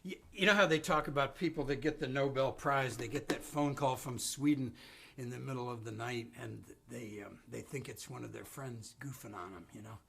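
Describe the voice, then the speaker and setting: A man's voice: mid-range voice, moderate pace, gravelly, few pauses, fairly bright tone, a little hiss or hum. A man, a folk musician on a live stream, introduces a song in a rambling, self-deprecating way full of ums. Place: home studio. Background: guitar.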